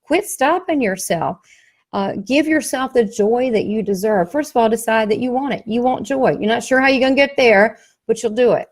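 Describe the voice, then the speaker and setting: Her voice sits on the high side and moves at a moderate pace as the Southern psychic medium promotes her workshop class. The motivational talk is emphatic and folksy, told through animated stories.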